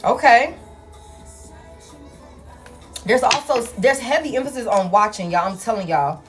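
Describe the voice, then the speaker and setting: Her voice on the high side and her pace unhurried, a woman reads tarot cards for viewers while soft music plays. She talks casually and bluntly, swears freely, and refers to them as "y'all."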